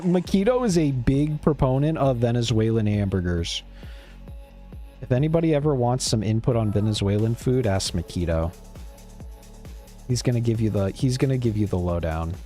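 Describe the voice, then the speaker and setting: A man's voice: medium pitch, mellow. A man casually rambling to his chat while streaming a game, laid-back and swearing now and then. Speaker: live streamer. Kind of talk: casual gameplay commentary talking to chat.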